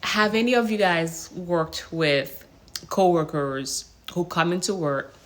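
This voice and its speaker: A woman hospice nurse telling a work story in a casual vlog, in an animated, exasperated way with many rhetorical questions. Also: lowish voice, slow pace.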